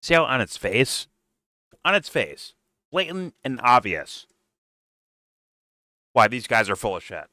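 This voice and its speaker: A man hosting a reaction stream, ranting and mocking loudly with constant swearing and sudden animated outbursts. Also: mid-range voice, measured pace, pauses often, dry recording, clean studio sound. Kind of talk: profane live reaction commentary.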